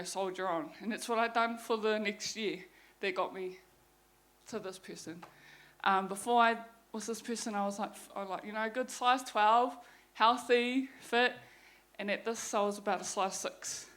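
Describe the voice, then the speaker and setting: A woman's voice: mid-range voice, fairly even intonation, moderate pace, a bit bright. A young woman with a New Zealand accent giving a candid personal testimony talk, frank and swearing freely as she retells her story. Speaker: guest speaker sharing her story.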